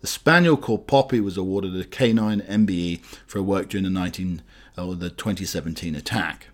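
A man's voice: low voice, brisk. A man hosting radio, chatting and reading news items in a rambling, hesitant way with many fillers. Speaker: radio host.

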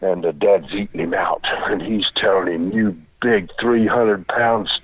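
A man's voice: deep voice, fairly even intonation, a little slow, husky, dry recording. An older man, a retired wrestler telling a long story in a rambling, folksy way with lots of repeated words. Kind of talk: casual storytelling. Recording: dry phone-like line.

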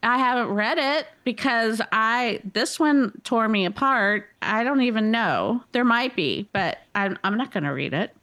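A woman co-hosting a casual book chat, animated and dramatic, often exclaiming. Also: on the high side, unhurried, hardly any pauses. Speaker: co-host.

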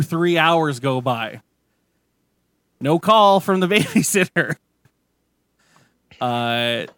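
A man's voice: on the high side, a bit bright, no echo. A man hosting a podcast, telling a story in a rambling, profane, casual way with many restarts. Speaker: podcast host. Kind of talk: casual chat, retelling a story.

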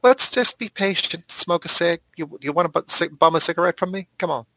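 A man's voice: on the high side, lively intonation, fairly quick, bright, forceful tone, a little hiss or hum, rough recording. A man taking part in a tabletop game, telling a wry in-character story in a drawling way. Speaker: player. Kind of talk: in-character tabletop role-play.

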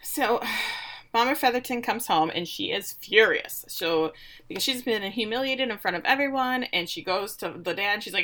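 Wry, bright-voiced woman co-host. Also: mid-range voice, animated, normal speed. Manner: wry, sarcastic asides. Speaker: podcast co-host. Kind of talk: casual recap chat.

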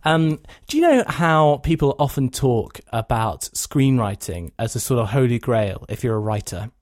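A man's voice: medium pitch, very animated, moderate pace, darkish tone, no room sound, clean studio sound. A man hosting a podcast, chatting casually and with a wry, joking manner. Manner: wry and jokey. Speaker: podcast host. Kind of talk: casual chat.

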